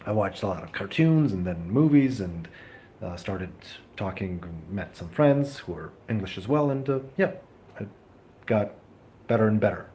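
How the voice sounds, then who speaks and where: A young man from Serbia hosting a casual live stream, chatting and answering viewers with many pauses and restarts. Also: on the low side, expressive, dark tone, slight background noise. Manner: hesitant, many ums and restarts; friendly, thanks viewers often. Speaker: livestream host. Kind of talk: casual live chat reading viewer comments.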